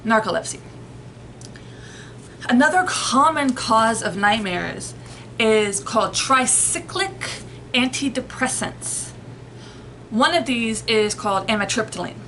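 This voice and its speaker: A woman's voice: fairly high pitch, animated, slow, long pauses, a bit bright, a little hiss or hum, poor audio. A woman explaining things to her viewers in a casual, rambling way, restarting her sentences and reaching for everyday comparisons. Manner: rambling, conversational, frequent restarts and analogies. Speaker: host explaining sleep and nightmares.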